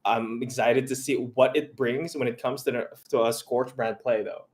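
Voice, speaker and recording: A man's voice: medium pitch, normal speed, crowd noise. Young male caster, upbeat game commentary, laughs easily, mid-range voice. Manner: excitable, laughs often, banters. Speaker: esports caster. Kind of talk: live esports commentary.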